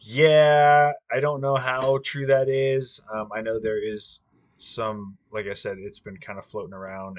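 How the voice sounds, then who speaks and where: A man's voice: mid-range voice, flat delivery, measured pace. A young man in casual chat, rambling and swearing freely, with plenty of ums. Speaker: podcast co-host.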